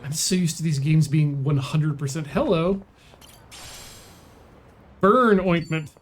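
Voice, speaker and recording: A man casually comments while streaming a video game, half talking to himself. His voice sits a little high, with a faint hiss underneath. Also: takes it slowly. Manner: chatty, muttering to himself as he plays. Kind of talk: casual let's-play commentary.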